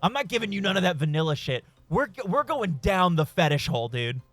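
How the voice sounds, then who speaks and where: A man's voice: high voice, big pitch swings, a little fast, a bit bright, dry recording, soft background music. A man streaming a game, rambling through a story in casual, profane chat with frequent chuckles. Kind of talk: casual storytelling while gaming.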